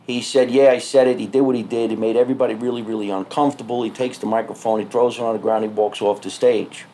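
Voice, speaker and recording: A man, a stand-up comedian, telling stories in casual podcast talk, animated and swearing freely. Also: on the low side, fast, slight background noise. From New Jersey.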